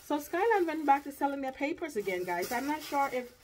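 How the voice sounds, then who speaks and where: A woman's voice: sits high, sing-song, brisk, noisy background. A woman chatting casually through a grocery haul at home, drawn out and often checking in with "okay?". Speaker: vlogger. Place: home, indoors.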